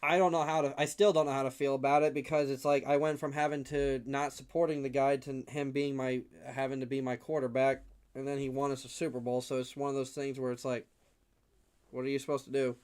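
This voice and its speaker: A man's voice: medium pitch, little pitch movement, brisk, clear, resonant tone. Casual young male fan commentator. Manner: rambling, gets worked up and shouts at big hits. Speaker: livestream play-by-play host. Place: his room at home.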